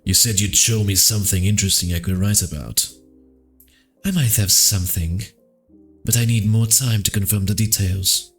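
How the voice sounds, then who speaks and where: A man voicing a deadpan young reporter in a visual novel, flat and measured. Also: fairly low pitch, soft background music.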